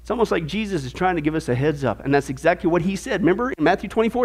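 A man preaching a sermon to his listeners, calling them folks, with repeated words and animated emphasis. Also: a little high, rapid-fire. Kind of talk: sermon with a joke.

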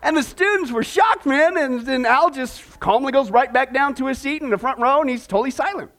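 A male pastor with a strikingly high voice, preaching a sermon in a folksy, joking way. He keeps checking in with the congregation through rhetorical questions. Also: animated, a little fast, fairly bright tone. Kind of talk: sermon with humorous story.

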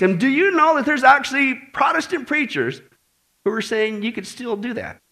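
Delivering a sermon to his congregation, a man speaks in an extremely high pitch at a moderate pace. His style is animated and conversational, full of jokes and frequent "okay?" check-ins.

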